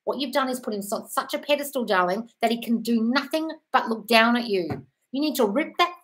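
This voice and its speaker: A woman's voice: a little high, expressive, a little fast. Woman, blunt, swears freely, casual live-stream chat, calls viewers darling. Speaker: manifesting coach answering live chat questions.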